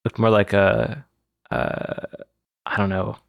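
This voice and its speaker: A man's voice: fairly low pitch, little pitch movement, slow pace, gravelly, no room sound, dull audio. A man hosting a podcast in casual chat, joking and laughing often. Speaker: podcast host. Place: room, recorded in person with co-hosts.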